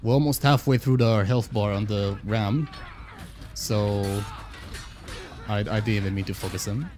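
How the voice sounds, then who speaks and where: A man's voice: lowish voice, unhurried, darkish tone, soft background music. A young man streaming a game, casually reacting and swearing as he talks through the match at his desk mic. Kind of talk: gameplay commentary.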